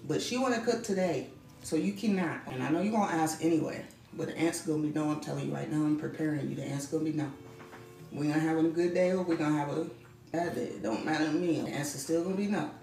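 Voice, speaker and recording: A woman vlogging at home as a mother, talking to her viewers and herself in an animated way and sometimes dropping to a whisper. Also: sits low, fast, soft background music. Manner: animated, talks to herself and the camera, drops to whispers. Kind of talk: casual vlog talk to viewers.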